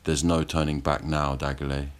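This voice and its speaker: A man's voice: a bass voice, level tone, moderate pace, clear, resonant tone. A man voicing a cruel, brash French naval commodore who barks and sneers. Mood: sinister. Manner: barking, spitting, sneering.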